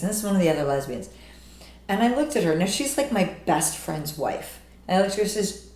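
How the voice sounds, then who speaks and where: A woman's voice: lowish voice, expressive, brisk, darkish tone. A woman, co-hosting a casual chat, telling stories in a blunt, wry way. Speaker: podcast co-host. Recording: echoey room.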